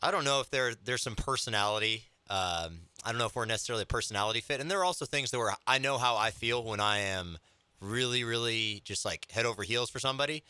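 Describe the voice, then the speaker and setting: A man's voice: medium pitch, fast, bright, forceful tone, smooth, no echo. A man on a radio show talking candidly and easily about his dating life. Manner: candid, easygoing. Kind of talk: casual radio chat.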